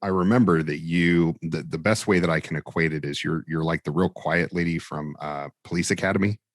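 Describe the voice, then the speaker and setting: A man's voice: low voice, fairly even intonation, brisk, no room sound, clean studio sound. A man, a fire training instructor, telling a story in a casual interview and acting out the quoted dialogue with animation.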